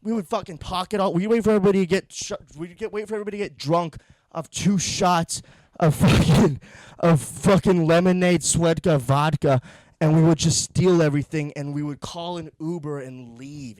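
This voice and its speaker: A man's voice: on the high side, steady tone, moderate pace, a little mellow, dry recording. A young man ranting through a profane, sarcastic comedy monologue, a little out of breath from pacing. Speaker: podcast host.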